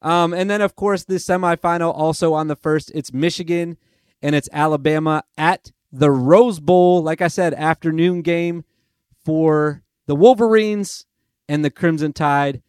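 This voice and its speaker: Man, young, podcast host, casual rambling chat, higher pitch, dry recording. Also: a little slow, a little mellow, clean tone, no room sound. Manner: chatty, rambling, self-amused. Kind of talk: casual sports podcast monologue. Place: lives in Nashville.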